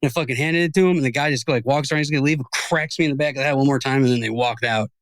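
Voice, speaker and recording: A man's voice: medium pitch, rapid-fire, fairly bright tone, no echo. A young man, a podcast host, telling a rambling story in casual chat and swearing freely.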